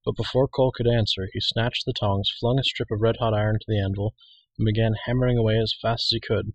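Male audiobook reader, low and husky, steady and measured. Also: no room sound, poor audio. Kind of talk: audiobook reading.

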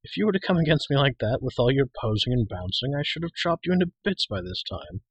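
A man's voice: medium pitch, big pitch swings, fast, slightly rough, no room sound, voice pushed up, poor audio. A man voicing a stout, bald older blacksmith who teases his apprentice dryly. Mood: teasing. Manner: dry, teasing.

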